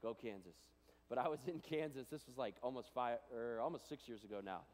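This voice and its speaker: A man speaks to a school assembly at an ordinary mid pitch, animated and conversational, full of casual fillers. His delivery swings from loud bursts to near-hushed asides. The sound carries a long reverberant tail from a large hall. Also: a little fast. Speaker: guest speaker. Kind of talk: chapel talk to students.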